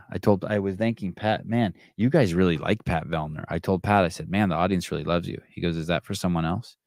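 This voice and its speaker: A man hosts a casual podcast livestream, his voice sitting very low. He rambles wryly and swears freely. The sound is close and dry, with almost no room in it. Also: clean tone, dry recording. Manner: rambling, profane, wry. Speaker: podcast host.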